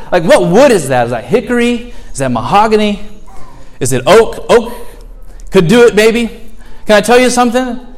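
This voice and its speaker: High-voiced man preaching a sermon. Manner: earnest preaching, rhetorical questions to the audience. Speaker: pastor.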